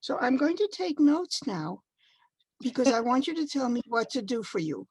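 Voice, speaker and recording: A woman's voice: high-pitched, sing-song, moderate pace, husky, no echo, low-quality recording. A woman from the Dominican Republic interviewing a guest, telling playful stories with humor. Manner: playful storyteller, warm humor. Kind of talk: conversational interview.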